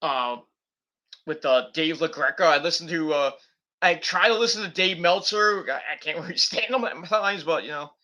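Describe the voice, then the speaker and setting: A man's voice: a little high, normal speed, sharp tone. A man giving a casual, rambling wrestling review monologue, full of fillers and restarts.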